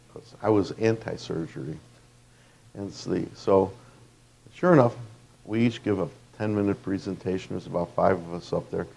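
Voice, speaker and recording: Gravelly low-voiced man lecturing. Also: a little mellow. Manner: conversational, anecdotal, with fillers and restarts. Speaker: dental lecturer. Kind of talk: anatomy lecture.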